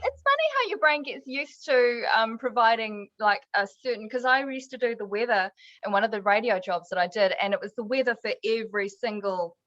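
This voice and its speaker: A woman's voice: a little high, animated, brisk, few pauses, fairly bright tone. A woman, a newsreader and TV presenter, chatting as a guest and telling stories with easy laughter. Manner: chatty storyteller, laughs easily. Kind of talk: casual chat. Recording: dull, dry lo-fi sound.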